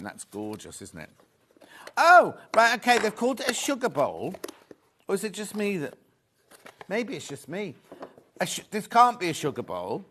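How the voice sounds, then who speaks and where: A man's voice: fairly high pitch, fairly bright tone, slight background noise. Chatty guy hosting live shopping, bouncy up and down voice, jokes with crew. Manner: chatty, reads viewer messages, jokes with crew. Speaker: shopping channel host.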